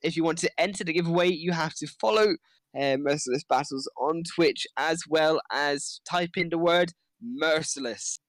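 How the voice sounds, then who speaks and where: A man casting an esports livestream, chatty and quick to laugh, reading out giveaway details and team lineups. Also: a little high, fairly bright tone, dry recording. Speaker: esports caster.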